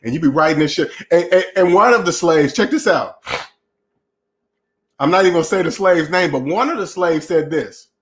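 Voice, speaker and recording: Male streamer host, high-ish voice, preachy mocking rant, tail end of a cold. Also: expressive, moderate pace. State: getting over a cold. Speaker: channel host. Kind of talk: livestream rant reading chat.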